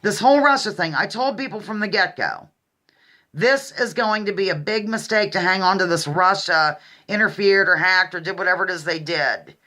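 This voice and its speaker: A woman vlogger delivering a sarcastic, exasperated political rant straight to her viewers, repeatedly addressing them as ladies and gentlemen. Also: fairly low pitch, moderate pace.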